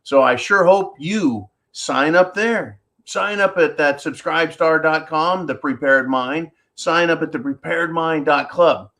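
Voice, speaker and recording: Profane ranting man, slow and higher. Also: a bit bright. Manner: profane, sarcastic, talks directly to "folks". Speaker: channel host. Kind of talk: ranting commentary monologue. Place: indoors, tropical home.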